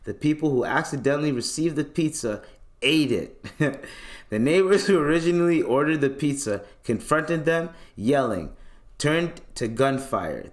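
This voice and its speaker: A man's voice: a little high, normal speed. A young man from Canada hosting a casual solo podcast, talking in loose slang and acting out little scenes as he goes. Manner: loose, slangy and animated, acts out voices in bits. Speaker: podcast host.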